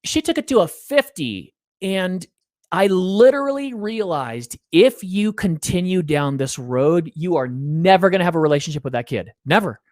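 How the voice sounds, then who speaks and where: A middle-aged man giving an interview, telling stories in an earnest, animated way and dropping low to make a point. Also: normal speed, dry recording, studio quality. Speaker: interview guest, parenting author.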